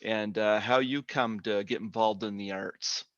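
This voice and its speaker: A man's voice: lowish voice, steady tone, a little slow, a bit bright, dry recording. Canadian man, podcast host, chatty, laughs a lot, dry muffled call audio. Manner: chatty, laughs often, self-deprecating. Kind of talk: casual interview over a call. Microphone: video call.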